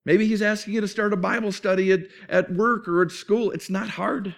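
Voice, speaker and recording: A man's voice: high-pitched, fairly even intonation, normal speed, vocal fry. A man preaching a sermon as pastor, earnest and conversational, often restarting phrases.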